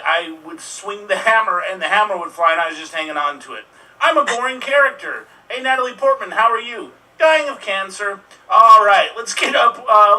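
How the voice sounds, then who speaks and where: A man's voice: high-pitched, bright, forceful tone, distant mic, low-quality recording. A man playing a boastful, bumbling male thunder god in a rambling, self-mocking improv bit with a fake accent.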